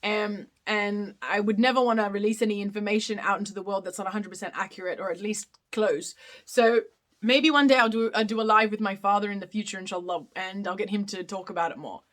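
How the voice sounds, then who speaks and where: Speaking fairly quickly in a steady, medium-pitched and slightly bright voice, an Australian woman in her thirties runs a casual live Q&A stream. She reads comments aloud, responds to them and giggles frequently.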